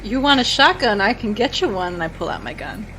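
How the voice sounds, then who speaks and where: A woman's voice: mid-range voice, sing-song, fairly quick, sharp tone, a little hiss or hum, poor audio. A woman playing a tabletop game, blunt and terse in her casual, in-character play. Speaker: player.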